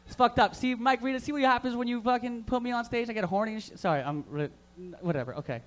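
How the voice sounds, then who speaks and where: A man with a high-pitched voice working the crowd at a live open mic. His stand-up is crude and loud, full of hyped banter thrown straight at the audience. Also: fast. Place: live comedy room in a vapor lounge.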